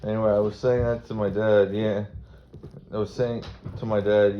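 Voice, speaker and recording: Guy from maryland doing a crude rambly standup story, lowish voice, dull lo-fi audio. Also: level tone, normal speed. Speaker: comedian. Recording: dull lo-fi recording with faint noise.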